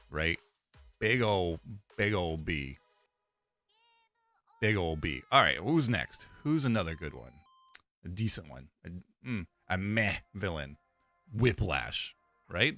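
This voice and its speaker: Young male streamer, casual, rambling, slow delivery over faint music. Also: deep voice, bright, forceful tone, no echo. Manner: rambling, repeats himself, frequent laughs and fillers. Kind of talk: casual live-stream chat.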